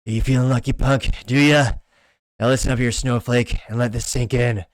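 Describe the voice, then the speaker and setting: A man putting on the voice of a gruff, menacing old cowboy tough guy, speaking in a growling, threatening drawl. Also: mid-range voice, fairly even intonation, normal speed, no room sound, close to an everyday voice.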